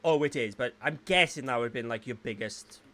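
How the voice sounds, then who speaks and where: A man hosting a casual chat, asking questions in an animated, stumbling way. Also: medium pitch, fairly quick. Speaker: podcast host.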